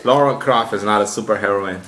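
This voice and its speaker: A man's voice: on the low side, a little fast, fairly bright tone. A man co-hosting a casual podcast, going on profane, heated rants and laughing with friends. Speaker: podcast co-host. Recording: echoey room with faint noise.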